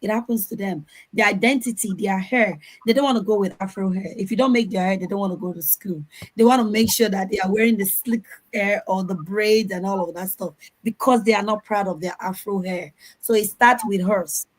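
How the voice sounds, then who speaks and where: Woman, mid-pitched, earnest advice, online panel, video call audio. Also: a little fast, rough recording. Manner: earnest, advising, repeats words while finding them. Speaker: conference panelist.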